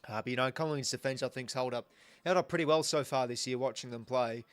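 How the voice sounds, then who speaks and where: A man's voice: medium pitch, fast talker. Easygoing Australian man chatting on a livestream. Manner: chatty and easygoing, thanking viewers, many restarts. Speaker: livestream host. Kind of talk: casual live watch-along chat.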